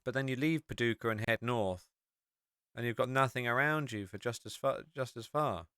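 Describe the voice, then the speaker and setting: A man's voice: mid-range voice, normal speed, a bit bright, clear, resonant tone, no echo, clean studio sound. An English man hosting a podcast, chatting casually and rambling with many fillers while he walks through a map on screen. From England. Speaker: podcast host.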